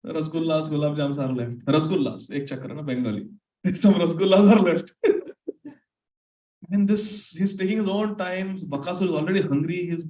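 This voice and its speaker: A man telling a story to children, animated and acting out the characters. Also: on the high side, normal speed, distant mic. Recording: echoey room, off-mic.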